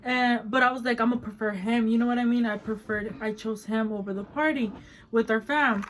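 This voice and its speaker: Young woman vlogger, 19, somewhat high voice; blunt, profane storyteller mixing English and Spanish. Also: fairly even intonation, a little fast, a little hiss or hum, low-quality recording. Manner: blunt, swears a lot, switches between English and Spanish. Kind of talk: casual storytime chat.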